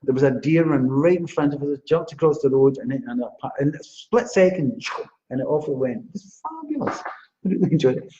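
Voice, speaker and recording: A man's voice: mid-range voice, fairly quick, warm tone. A man hosting a live stream as a psychic astrologer, greeting viewers by name in a chatty way and giving card readings. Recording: dull lo-fi live-stream audio.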